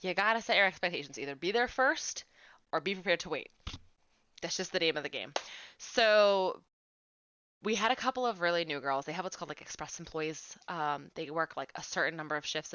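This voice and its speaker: Woman in her late 20s, talkative game streamer; low-set, bright, clear voice, dry slightly lo-fi mic. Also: no room sound. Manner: chatty storyteller, fillers of "like". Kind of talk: casual chat while streaming a game.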